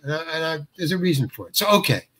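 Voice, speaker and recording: An older man, an actor being interviewed, telling a story in a halting way with many restarts and acted-out quotes. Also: on the high side, big pitch swings, fairly bright tone.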